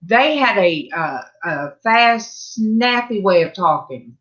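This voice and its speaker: A woman hosting a live stream, chatting casually with viewers in a slow, rambling way. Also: mid-range voice, animated, fairly bright tone. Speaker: livestream host. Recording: muffled lo-fi audio.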